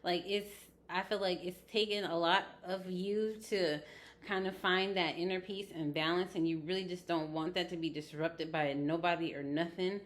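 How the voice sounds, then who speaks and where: A woman's voice: on the low side, steady tone, normal speed. A woman giving a casual tarot reading, chatty and blunt, with frequent laughs and swearing. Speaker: tarot reader.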